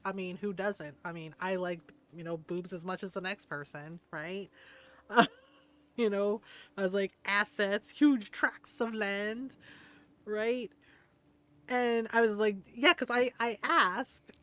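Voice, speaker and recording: A woman's voice: medium pitch, fairly bright tone. A middle-aged woman streaming a game, rambling through a casual story with lots of fillers and laughs. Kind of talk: casual chat while gaming.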